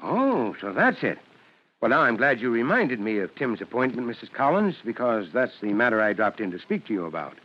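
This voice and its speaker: A man's voice: mid-range voice, big pitch swings. A fatherly fire chief, old radio. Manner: formal, measured, fatherly. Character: kindly middle-aged male fire chief. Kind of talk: 1940s radio acting. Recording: dull old radio recording.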